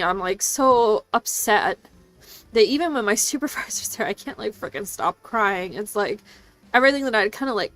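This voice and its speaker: Woman, higher voice, casual vlog rant, swears a lot, quotes others in voices, faint music underneath. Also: fairly bright tone. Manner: venting, swearing, quoting people in voices. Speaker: assistant language teacher. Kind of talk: casual storytime chat.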